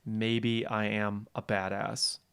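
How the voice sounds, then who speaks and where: A man's voice: fairly low pitch, flat delivery, slow pace, gravelly, a bit bright, clear, resonant tone. A man hosting a podcast over a video call, enthusiastic and effusive, talking casually and now and then swearing. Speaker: podcast host. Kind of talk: casual interview chat.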